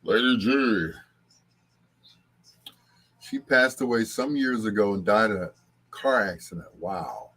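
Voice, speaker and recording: A man's voice: fairly low pitch, slow, pauses often, fairly bright tone, breathy edge. An older man hosting a late-night show, chatting casually and rambling with frequent chuckles. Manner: chuckling, rambling, bursts into sung snippets. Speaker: host.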